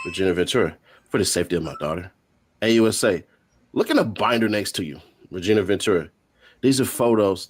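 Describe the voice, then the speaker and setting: A man with a fairly low voice reads courtroom exchanges aloud, line by line. He voices each speaker's lines in turn and breaks off for short joking asides. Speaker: host. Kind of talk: reading court transcript updates.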